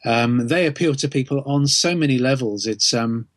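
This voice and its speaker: A middle-aged man, answering podcast interview questions as an author in a thoughtful, measured way, with frequent ums. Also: mid-range voice, no room sound. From England.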